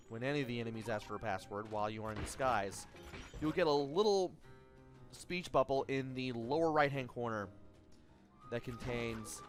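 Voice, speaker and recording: A man's voice: medium pitch, fairly bright tone. A man hosting a let's play, giving casual, explanatory gameplay commentary. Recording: voice-over with faint game music.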